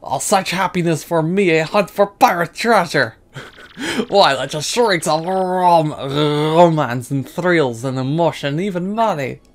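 A man's voice: on the high side, slow pace, pitched above the performer's own voice. A man voicing a pompous, vain rich male trader with an exaggerated fake French accent, theatrical and grandiose. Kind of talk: let's play voicing game characters.

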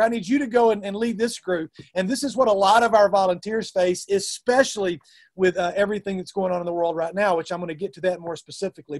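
A middle-aged man with a Southern US accent, a youth minister giving an earnest, conversational talk to fellow ministers with frequent restarts. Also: high voice.

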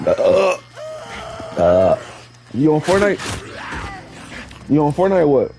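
A man giving live gameplay commentary, playfully trash-talking enemies and repeating excited catchphrases. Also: on the high side, slow, gravelly, slight background noise. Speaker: gaming streamer.

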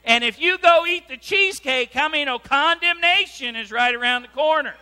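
A man's voice: very high voice, fairly quick. A man preaching a sermon as pastor, keeps asking the congregation "right?" in a church with a hum and long reverb. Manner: lively preaching, asks the congregation "right?" again and again. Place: church sanctuary.

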